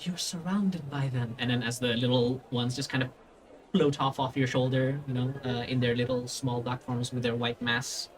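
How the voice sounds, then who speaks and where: Guy running a tabletop game, rambly, lots of uh and like, mid pitch. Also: monotone, normal speed. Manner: rambling, full of fillers and restarts. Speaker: game master.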